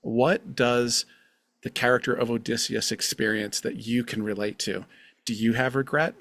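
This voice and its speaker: A middle-aged man with a gravelly, fry-edged voice, in a mid-pitched register, thinks aloud on his solo podcast. He sounds earnest and confessional, and he circles back over his own phrases. The recording is dry and close, with no room sound. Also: fairly even intonation, moderate pace, a bit bright, no echo. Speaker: podcast host. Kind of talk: reflective solo podcast monologue.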